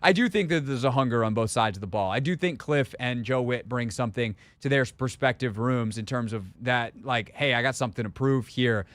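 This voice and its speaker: A man's voice: medium pitch, fairly bright tone, no room sound. Opinionated man hosting sports radio. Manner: chatty, opinionated, quick to interject. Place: radio studio. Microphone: studio microphone.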